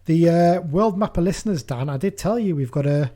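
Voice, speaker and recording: A man hosting a football fan podcast rattles along at a brisk clip. His voice is mellow and warm, and his delivery stays casual and chatty. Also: fairly high pitch, lively intonation. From England. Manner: chatty, quick, ends lines with "there you go". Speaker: podcast host.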